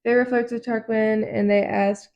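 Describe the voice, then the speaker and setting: A young woman casually recaps chapters on a book podcast, tossing in ums and the odd swear word. Her voice has a gravelly fry to it, and she slips into quick impressions of the characters as she goes. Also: on the high side, flat delivery, darkish tone, muffled recording. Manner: retells scenes in quoted voices, frequent ums, swears casually. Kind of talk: casual book-club chat.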